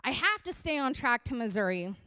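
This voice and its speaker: Young female youth pastor, higher, smooth voice, close dry mic, earnest sermon delivery. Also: fairly quick, dry recording. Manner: earnest and animated, mixes scripture with candid storytelling. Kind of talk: youth sermon with personal story. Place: church hall.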